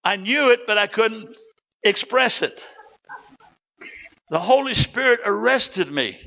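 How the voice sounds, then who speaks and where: A man preaches a sermon in a bright, forceful voice that sits a little high. He moves between storytelling and emphatic calls to the congregation. The recording is dull and lo-fi. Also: lively intonation, slow, gravelly.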